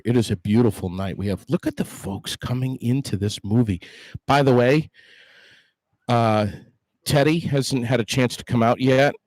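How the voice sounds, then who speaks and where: A man's voice: medium pitch, dry recording. A man hosting a live broadcast outside a movie theater, chatty and upbeat, with frequent fillers and restarts, speaking into a handheld microphone. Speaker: host. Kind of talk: casual live outdoor broadcast.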